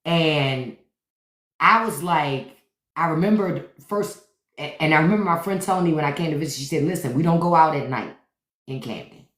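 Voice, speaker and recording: A middle-aged woman from Washington, DC, hosting a casual livestream and telling profane, animated stories. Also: low voice, normal speed. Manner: animated, profane storytelling with acted-out quotes. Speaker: podcast host on a live stream. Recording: roomy echo.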